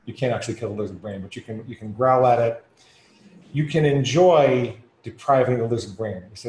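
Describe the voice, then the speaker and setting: A man's voice: mid-range voice, fairly quick, a little mellow. Man, podcast guest, earnest explainer, echoey room, faint background hum. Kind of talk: conversational explaining.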